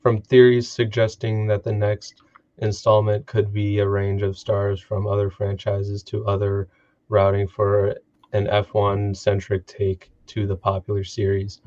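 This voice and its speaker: A man co-hosting a gaming talk stream, reading a news article aloud in a halting way, often stumbling and restarting words. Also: on the low side, a little mellow. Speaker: co-host. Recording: dull lo-fi stream audio.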